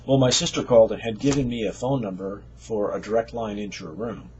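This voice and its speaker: A man's voice: on the low side, steady tone, fairly quick, warm tone, dull audio, a little hiss or hum. A man casually telling a personal faith story in a conversational, folksy way. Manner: conversational, folksy, with fillers and chuckles. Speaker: storyteller sharing a faith testimony.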